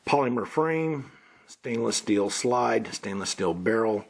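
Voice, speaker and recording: Man, lowish voice, casual matter-of-fact unboxing talk, faint noise behind. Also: expressive, takes it slowly, creaky. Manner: plain, matter-of-fact listing of parts. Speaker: gun reviewer.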